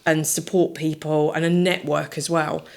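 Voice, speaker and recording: A woman with a fairly low voice chats as a podcast guest. She tells stories and acts out the people in them, and her voice is still coming back after a weekend of singing. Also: flat delivery, normal speed, gravelly. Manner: chatty storyteller, quotes others in anecdotes. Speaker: podcast guest, business owner. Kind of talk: casual interview chat.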